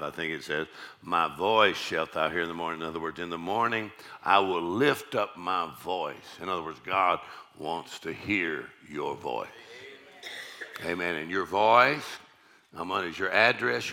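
A man with a very low, deep voice preaching to his congregation. His tone is strikingly bright and forceful, and he drives his points home by repeating lines and calling out "amen". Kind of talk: sermon.

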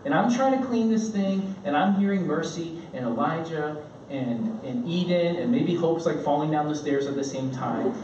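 A man in his thirties preaching a sermon, telling family stories with lively, animated delivery and playful impressions of his kids. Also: a little high, normal speed. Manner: animated storytelling, acting out his kids' shouts. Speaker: pastor. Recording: roomy, distant, dull sound with faint room noise.

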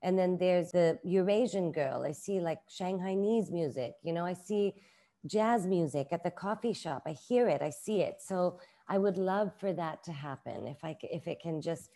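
Middle-aged woman guest chatting away, lots of "like", warm lowish voice. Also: moderate pace. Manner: chatty, uses many "like" fillers. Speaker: author and publisher guest. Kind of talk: casual interview talk.

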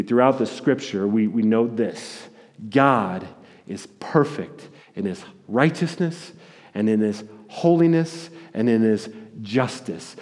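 A man preaching a sermon, passionate and emphatic, with restarts and stumbles, then closing softly in prayer. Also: medium pitch, long reverb tail. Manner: impassioned, rising to near-shouting at peaks, slipping to hushed prayer. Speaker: pastor.

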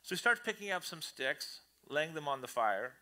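A male pastor with a high, cutting voice delivers a sermon to his congregation. He talks in an animated, conversational way and slips into the voices of the people he quotes. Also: moderate pace. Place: church service before a congregation.

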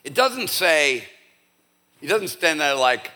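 A middle-aged male pastor delivers a sermon in a bright, slightly high voice. He talks in a conversational way, sinking to a near-hush and then climbing to emphatic peaks. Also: sing-song, slow, pauses often. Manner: conversational, swinging between hushed and emphatic. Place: church.

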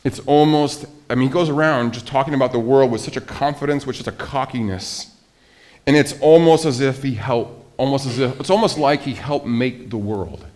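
A male pastor preaching a conversational sermon, lively and animated, asking the congregation rhetorical questions. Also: medium pitch, moderate pace.

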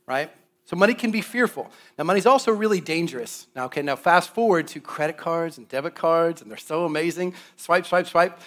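A man in his thirties giving a sermon on money, with animated storytelling and playful asides. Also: a little high, brisk. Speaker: guest preacher on finances.

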